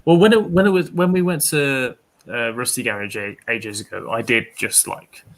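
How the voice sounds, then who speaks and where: Male beer streamer, mid-pitched, loose anecdotal delivery with stumbles and curses. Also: moderate pace, fairly bright tone. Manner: rambling anecdotes full of restarts and swearing. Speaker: beer reviewer streaming with friends. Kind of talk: casual storytelling on a live stream.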